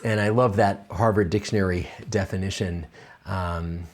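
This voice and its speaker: A man with a fairly low voice gives a piano lesson on video. He sounds enthusiastic and encouraging, and he pauses on fillers and restarts as he explains musical ideas. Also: steady tone. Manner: enthusiastic, encouraging, counts and scats rhythms aloud. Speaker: piano teacher.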